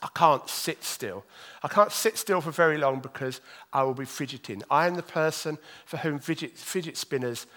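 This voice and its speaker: A man giving a sermon, reading scripture slowly and then talking in an animated, self-deprecating way. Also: a little high. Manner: animated, self-deprecating, moves his arms as he talks; reads scripture slowly and deliberately. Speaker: preacher.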